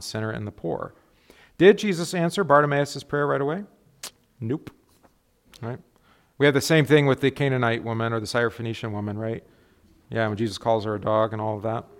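Middle-aged male pastor leading an informal Bible lesson, chatty, keeps checking in with the group, voice of ordinary pitch. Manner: conversational, keeps checking in with tag questions. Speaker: pastor teaching a Bible class. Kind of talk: casual Bible class teaching.

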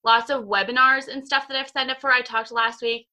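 A woman's voice: fairly high pitch, fairly even intonation, a little fast, sharp tone. A woman in her twenties co-hosting a podcast over a video call, chatting casually in an upbeat way with lots of fillers. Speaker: podcast co-host. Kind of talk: casual chat.

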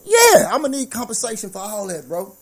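A man's voice: very high voice, huge pitch swings, a little fast. A man co-hosting a casual chat, joking and wry.

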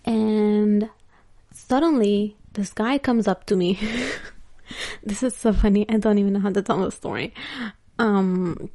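A woman's voice: mid-range voice, unhurried, pauses often, mellow. A young woman vlogger telling a story in casual chat, laughing often and using lots of filler words.

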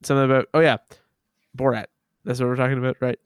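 A man's voice: medium pitch, flat delivery, fast talker, clear, resonant tone, no room sound, clean studio sound. A man hosting a casual podcast, rambling and self-deprecating, laughing often as he loses his train of thought. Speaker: podcast host.

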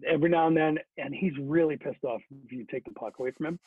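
A middle-aged former hockey player with a slightly high, breathy voice talks fast in a dry, phone-like recording with no echo. He tells a story in a chatty, casual way, full of fillers and restarts.

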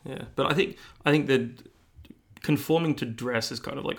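A young man co-hosts a podcast, chatting casually at a medium pitch and moderate pace, with lots of fillers and restarts.

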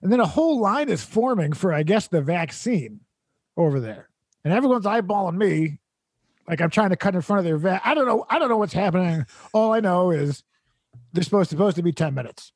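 A man's voice: high voice, expressive, a little fast, dry recording. A man hosting a podcast, telling a funny, exasperated story full of sarcasm and laughter. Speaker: podcast host. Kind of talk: comedic storytelling rant.

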